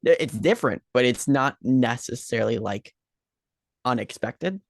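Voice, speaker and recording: A man's voice: mid-range voice, lively intonation, normal speed, creaky, no room sound, clean studio sound. A man co-hosting a casual podcast, bantering playfully and sharing enthusiastic opinions. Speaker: podcast co-host. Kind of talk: casual chat.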